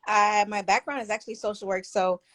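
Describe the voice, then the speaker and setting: Soft-spoken woman author, hesitant. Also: mid-range voice, steady tone, fairly quick. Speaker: author and therapist. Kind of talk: casual interview. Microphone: video call.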